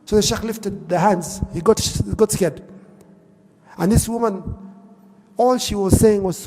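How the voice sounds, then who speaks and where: A man delivers a sermon as an emotive story, often repeating lines in Arabic and then English. His voice sits high for a man. The sound carries a long hall reverb. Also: a little slow, pauses often, a little mellow. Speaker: preacher.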